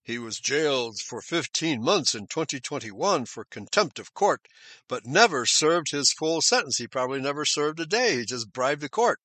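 A man with a slightly high, bright and forceful voice reads a news report aloud, then drifts into sarcastic asides, chuckling as he goes. The sound is dry and close, with almost no room around it. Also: very animated, moderate pace, dry recording. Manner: sarcastic asides between read passages, chuckling. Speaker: commentator. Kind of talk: reading news aloud with commentary.

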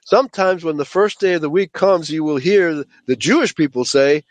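A man's voice: a little high, normal speed, no room sound. A man teaching a Bible study lecture to a group, emphatic and often checking in with listeners by asking "okay?" and calling them folks.

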